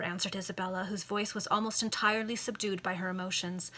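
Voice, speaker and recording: A woman reading an old novel aloud to friends over a video call, expressive and amused. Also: mid-range voice, fast talker, hardly any pauses. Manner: amused, expressive storytelling with playful asides. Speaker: amateur reader.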